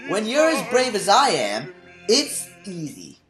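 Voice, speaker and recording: A man's voice: sits high, huge pitch swings, unhurried, voice pushed up, full character voice. A man doing a boastful bird catcher. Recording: roomy room, faint background music.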